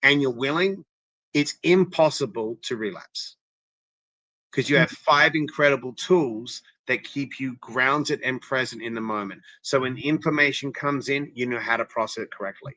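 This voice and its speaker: Forceful, emphatic man coaching. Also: medium pitch, normal speed, no echo. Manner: emphatic and coaching, checking in with "okay?" and "right?". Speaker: interventionist guest. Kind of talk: motivational interview talk.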